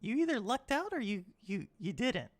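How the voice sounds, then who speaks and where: A woman's voice: a little high, very animated, moderate pace, slight background noise. A woman streaming a video game, rambling casually, saying "like" a lot and teasing her chat. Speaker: gaming streamer.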